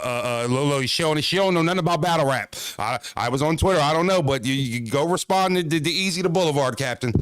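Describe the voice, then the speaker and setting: A man's voice: mid-range voice, fairly bright tone, no echo, studio quality. A man vlogging in a casual comedic monologue, profane and rambling, laughing often as he jokes.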